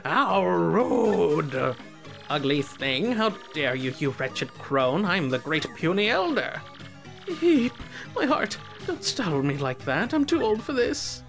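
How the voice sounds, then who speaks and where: A man voicing a cranky old female bug elder in a shrill, indignant voice. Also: very animated, slow, creaky, fairly bright tone, faint music behind, full character voice.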